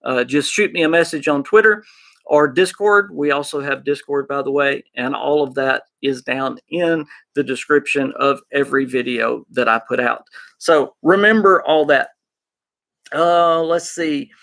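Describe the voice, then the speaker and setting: A man with an Arkansas Southern accent hosting a gaming podcast, chatting excitedly and rambling as he talks to his live chat. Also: a little high, a little slow, vocal fry. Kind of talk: casual live-stream chat.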